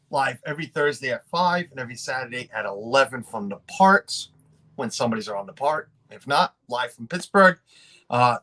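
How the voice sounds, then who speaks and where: A man's voice: medium pitch, bright, forceful tone. A man hosting a casual livestream, rambling with frequent restarts and laughs while greeting chat. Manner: rambling, self-interrupting, quick to laugh. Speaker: livestream host.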